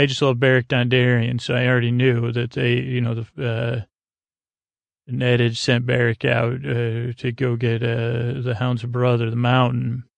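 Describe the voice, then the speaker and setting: A man's voice: mid-range voice, creaky, dry recording. A man hosting a podcast, rambling through a casual episode recap with lots of fillers and loose paraphrasing. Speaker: podcast host.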